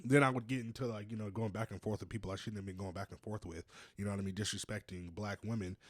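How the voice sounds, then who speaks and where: A young man co-hosting a podcast in casual, slangy chat, swinging between loud bursts and low, quiet stretches. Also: fairly even intonation, fast, no room sound. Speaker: podcast co-host.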